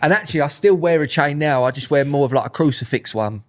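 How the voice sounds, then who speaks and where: A man in his thirties with a somewhat high voice, chatting on a comedy podcast. He tells stories in a lively way and puts on the voices of the people in them. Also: quick pace. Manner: animated storyteller, acts out quoted voices. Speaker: podcast co-host. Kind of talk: casual chat.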